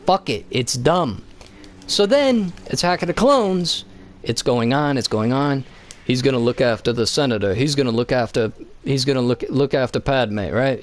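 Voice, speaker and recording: A man streaming a game who rambles through a profane, animated retelling in casual chat. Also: medium pitch. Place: home basement.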